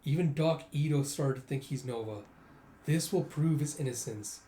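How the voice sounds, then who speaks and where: A man's voice: fairly high pitch, moderate pace, dark tone, natural voice. A man voicing an earnest, determined young female nurse in an echoey room. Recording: roomy echo.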